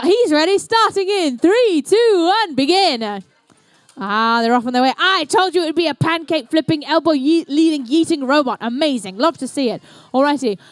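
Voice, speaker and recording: A woman's voice: high-pitched, no echo. A young woman doing live, playful, chatty commentary at an indoor competition. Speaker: event commentator.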